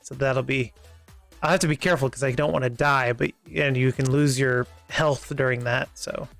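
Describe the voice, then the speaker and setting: A man's voice: mid-range voice, steady tone, normal speed, creaky, a bit bright, soft background music. A Canadian man casually chatting through a live game stream, with rambling, self-mocking asides. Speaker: gaming streamer.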